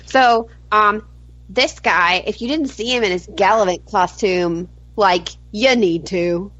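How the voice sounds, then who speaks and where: A woman co-hosting a podcast, bubbly and giggly, gushing with animated energy. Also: medium pitch, slow, dry recording. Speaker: podcast co-host. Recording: dull lo-fi audio.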